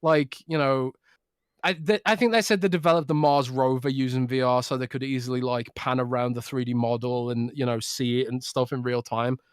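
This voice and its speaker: A man co-hosting a podcast, ranting in an animated way with many restarts. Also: mid-range voice, fairly quick, clear, resonant tone, no echo, studio quality. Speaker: podcast co-host. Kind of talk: casual chat.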